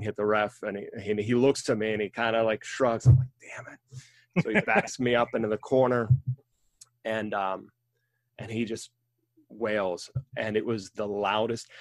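Man, low voice, dry sound, rambling with ums, casual chat. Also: dry recording. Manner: rambling, many ums and restarts. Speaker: wrestling referee. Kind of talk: casual conversation.

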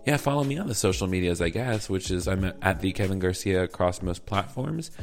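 A deep-voiced man with a Southern US accent hosts his podcast in a loose, campy, chatty way. Faint music plays under parts of his talk. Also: expressive, fairly quick. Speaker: podcast host. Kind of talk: casual podcast chat.

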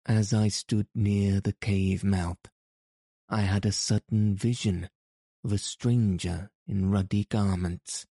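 A man's voice: on the low side, fairly even intonation, slow, mellow, no echo, clean studio sound. A man voicing a trembling imp servant. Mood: pleading, fearful. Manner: stammering, humble pleading. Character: timid male imp servant, fearful.

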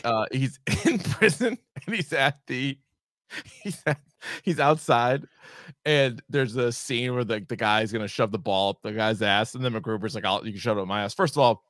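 A man's voice: mid-range voice, fairly bright tone, no echo. A man in casual podcast chat, laughing often and acting out quotes from a comedy film. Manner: laughs a lot, acts out quotes in mock voices.

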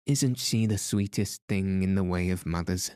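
A man's voice: deep voice, normal speed, darkish tone, smooth, dry recording, natural voice. A man reading the part of a genial, teasing middle-aged priest with dry, playful humor. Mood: gently teasing.

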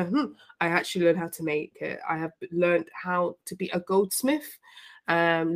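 Chatty Midlands-accented woman, lowish voice. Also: darkish tone. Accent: Birmingham, English Midlands. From England. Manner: chatty and self-deprecating, with restarts. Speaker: podcast guest, jeweler. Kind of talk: casual interview chat.

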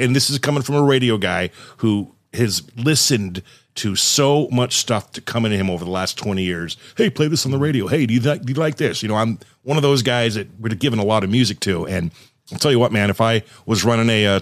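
Laid-back radio host, dry sound. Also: male voice, fairly low pitch, a little fast, no room sound. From Southern California. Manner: relaxed, chatty, uses bro and dude. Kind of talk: casual interview chat.

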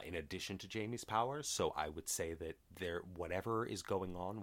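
Casting: very deep-voiced male podcast host, measured, analytical. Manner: measured, analytical, with ums and uhs. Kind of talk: casual comic book discussion.

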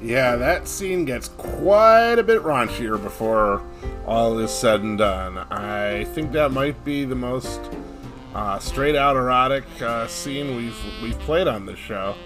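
A man hosting a podcast, closing the show in a relaxed, rambling manner with many fillers. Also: mid-range voice, slow. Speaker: podcast host. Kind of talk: casual show outro. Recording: guitar music playing behind.

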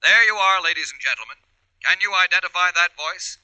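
A man's voice: high-pitched, fairly quick, sharp tone, poor audio. A man announcing a vintage radio serial in a formal, dramatic manner.

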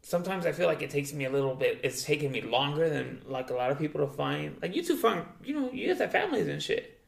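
A young man with a rough, gravelly voice rambles through casual chat, dropping swear words and "dude" constantly. His voice sits a bit high, and the room around him echoes. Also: very animated, fast. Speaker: guest.

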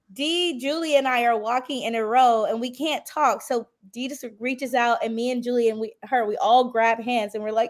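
A woman on a casual podcast interview, telling her story with animated, emphatic delivery and acting out quoted conversations. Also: a little high. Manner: emphatic, swings up sharply when excited. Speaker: reality show contestant guest.

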